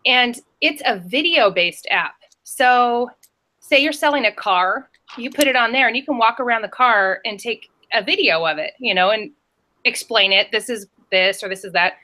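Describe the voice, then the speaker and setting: Speaking at a normal speed, this reseller has a voice on the high side. She's on a video call for a panel show, casually chatting and rambling through animated stories.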